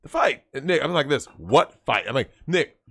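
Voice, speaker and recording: A man telling a story in casual chat, animated, swearing and repeating himself. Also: medium pitch, moderate pace, creaky, husky. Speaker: guest.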